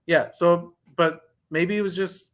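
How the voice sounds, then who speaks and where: A man's voice: high-pitched, fairly even intonation, unhurried. A man co-hosting a podcast, telling stories in a rambling, casual way. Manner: rambling storyteller with fillers and restarts. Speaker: podcast co-host. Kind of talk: casual chat.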